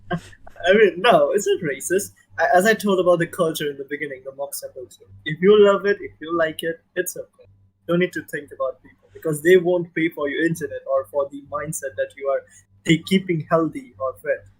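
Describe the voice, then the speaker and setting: A man with an Indian accent, part American, talking in a casual podcast chat, animated and given to repeating words for emphasis. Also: fairly high pitch, a little fast, slightly rough, poor audio. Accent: Indian, mixed with American.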